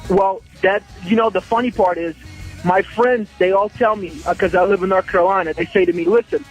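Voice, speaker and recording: A man's voice: sits high, steady tone, brisk, husky, soft background music, poor audio. Chatty Russian-born male caller. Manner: casual, chatty. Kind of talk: phone call into radio show.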